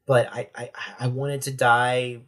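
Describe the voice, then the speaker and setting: Halting, candid male deputy. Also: mid-range voice, flat delivery, fairly bright tone. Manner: halting, restarts sentences, candid and emotional. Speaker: sheriff's corporal and podcast guest. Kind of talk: personal account in a podcast interview.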